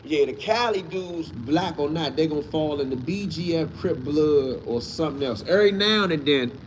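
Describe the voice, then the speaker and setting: A man runs a casual live talk on his own channel, firing back at the chat in blunt, profane bursts and mocking the people who comment. His voice sits a little high for a man. A faint hum of noise runs underneath him. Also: expressive, moderate pace. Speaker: host answering live chat.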